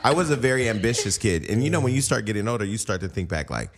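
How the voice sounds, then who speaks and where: A man telling profane, animated stories in a casual podcast chat, acting out the quotes. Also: fairly low pitch, quick pace. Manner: animated, profane storyteller who acts out quotes. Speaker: podcast co-host.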